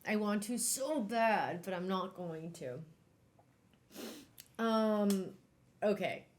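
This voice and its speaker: Animated woman chatting on a stream. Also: mid-range voice, slow. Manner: animated, exclaiming, trailing off with fillers. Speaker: streamer hosting a book club. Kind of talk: casual live-stream book chat.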